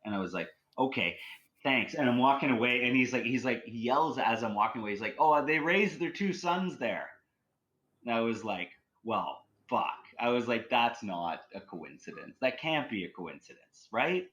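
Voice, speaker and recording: A man's voice: medium pitch, expressive, moderate pace, fairly bright tone, rough recording. A man from Canada, a guest on a podcast, telling a story casually and rambling with lots of fillers. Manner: rambling, with many "like" and "you know" fillers.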